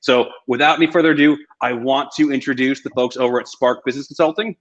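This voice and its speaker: A man's voice: mid-range voice, fast. A man hosting a webinar in an upbeat, joking, casual way over a video call. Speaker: webinar host. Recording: muffled video call audio.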